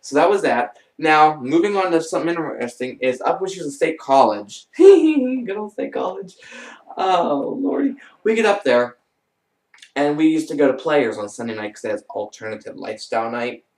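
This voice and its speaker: A young man telling rambling personal stories in a casual, animated way. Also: brisk, recorded from a distance. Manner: rambling, animated, mimics others in high voices. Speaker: vlogger. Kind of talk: casual storytelling. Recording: roomy echo, off-mic.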